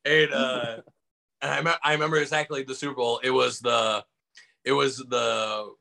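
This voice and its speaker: A man's voice: mid-range voice, little pitch movement, moderate pace, creaky, bright, forceful tone, rough recording. A man from Michigan, a comedian telling stories over a video call in a loose, rambling way with lots of fillers. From Michigan, USA. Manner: rambling, many fillers, acts out quotes. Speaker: comedian guest. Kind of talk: casual storytelling interview.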